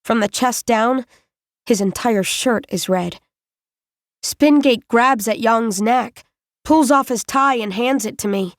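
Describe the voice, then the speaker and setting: A woman reading a first-person novel aloud as an audiobook narrator, in a measured, deliberate way. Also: a little high, dry recording, studio quality.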